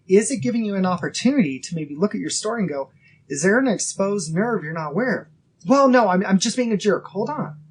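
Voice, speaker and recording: A man in his thirties hosting a casual faith podcast, earnest and acting out inner dialogue in quick quoted bits. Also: sits high, a little hiss or hum. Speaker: podcast host.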